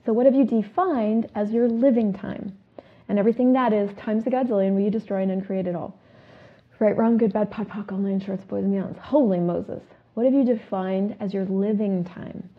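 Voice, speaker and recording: A woman hosting a self-help talk show, asking her listeners questions and reciting a repeated clearing statement. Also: medium pitch, steady tone, normal speed. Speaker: host. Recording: phone-like narrow sound.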